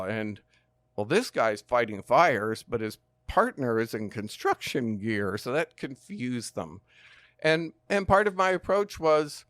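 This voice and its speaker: A man in his sixties telling stories as a podcast guest, calm and measured, with dry humor. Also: medium pitch, smooth, no room sound. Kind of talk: storytelling interview.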